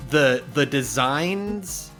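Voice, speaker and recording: Lively, bright-toned man, wry podcast co-host. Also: fairly high pitch, very slow, faint music behind. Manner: laid-back, wry, agreeable. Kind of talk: casual chat.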